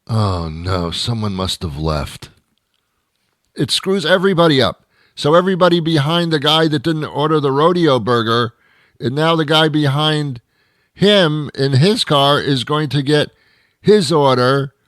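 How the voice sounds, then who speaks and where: A man's voice: fairly high pitch, lively intonation, normal speed, a bit bright, no echo, studio quality. A man hosting a comedy show, delivering a rambling, grumbling monologue with stammered restarts.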